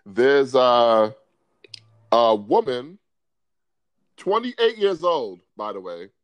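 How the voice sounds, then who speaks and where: Animated laughing podcast host man. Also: very slow, no room sound, muffled recording. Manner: animated, laughs often, jumps high when excited. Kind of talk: casual podcast chat.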